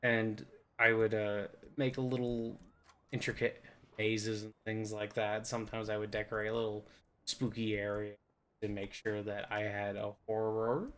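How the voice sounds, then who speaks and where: A man's voice: lowish voice, monotone, measured pace, a bit bright. A young man giving a rambling, goofy tour of a game map, joking and putting on silly voices now and then. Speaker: game video host.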